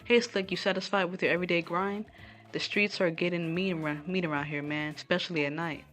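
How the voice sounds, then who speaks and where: A tough city street guy with a put-on New York accent, as a woman plays him from a game. His talk is brash and streetwise, pitched low for a woman. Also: fairly even intonation, a little fast, a bit bright, faint music behind, natural voice.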